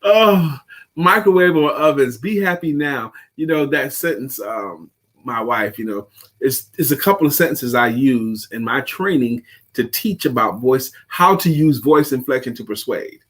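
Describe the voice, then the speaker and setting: A man co-hosting a casual livestream talk show. He works as a coach and explains his points in a measured, teacher-like way. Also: mid-range voice, lively intonation, a bit bright. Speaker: co-host and coach.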